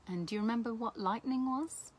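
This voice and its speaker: A woman's voice: on the high side, brisk, slight background noise. A middle-aged woman, chatty and self-laughing, teaching hand signs to camera in a casual video. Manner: chatty and warm, laughing at herself. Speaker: sign language teacher.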